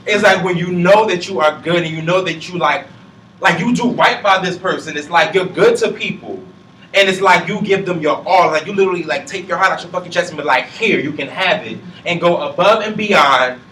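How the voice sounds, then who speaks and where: A man's voice: high voice, brisk, sharp tone. A young man talking in a group chat, blunt and impassioned, swearing freely. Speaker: panelist. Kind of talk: emotional casual chat. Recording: roomy sound from a distant mic with faint noise.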